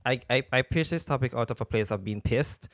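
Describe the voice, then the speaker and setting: A man's voice: medium pitch, fairly quick, dry recording. Male podcast host with a mid-range voice and a dry, close sound, telling a rambling anecdote. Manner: rambling storyteller, drifts off on tangents and comes back with "anywho". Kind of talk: casual podcast chat.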